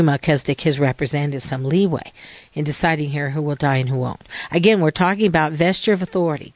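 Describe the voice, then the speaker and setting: A man giving a sermon-style scripture lesson in a measured, earnest way, asking rhetorical questions. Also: on the high side, no echo. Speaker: religious teacher.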